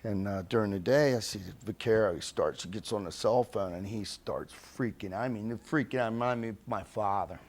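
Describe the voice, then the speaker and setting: Low-voiced man telling a profane tale. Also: fairly quick, few pauses. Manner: blunt, swears constantly, acts out other people's lines. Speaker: interviewee recounting his past. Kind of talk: profane storytelling anecdote.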